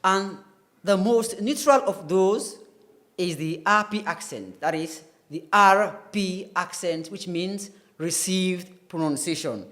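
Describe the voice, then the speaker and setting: Taking his time, this man speaks in a high, slightly bright voice. He's an English tutor giving a televised lesson, carefully explaining and spelling out words one letter at a time.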